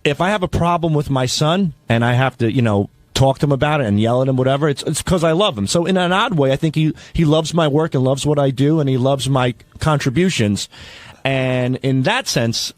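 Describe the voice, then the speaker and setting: A man's voice: medium pitch, brisk, no echo. A man in casual radio chat who talks in a rueful way and laughs things off. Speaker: radio show staffer.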